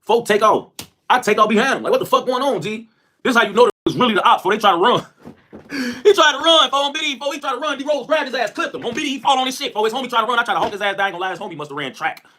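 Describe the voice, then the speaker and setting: Fast, high-energy streamer man. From Chicago. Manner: loud, excitable, trash-talking, heavy slang. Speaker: livestream host. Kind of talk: casual livestream storytelling.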